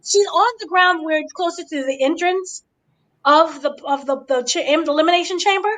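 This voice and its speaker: Bright, high-voiced woman recapping wrestling. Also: normal speed. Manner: animated, acts out quotes with gasps and shrieks. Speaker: show host. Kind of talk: casual wrestling recap chat.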